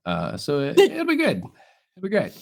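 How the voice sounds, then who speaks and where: A man's voice: on the high side, gravelly. A man co-hosting a podcast, telling rambling stories with lots of fillers and laughs, still getting over being sick. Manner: rambling storyteller, laughs often, many fillers. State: recovering from illness. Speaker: podcast co-host. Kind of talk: casual chat.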